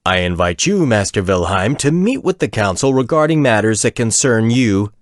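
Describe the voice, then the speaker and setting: A man voicing a gruff male gnome elder who speaks in a stiff, formal way. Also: lowish voice, very animated, moderate pace, no room sound, clean studio sound.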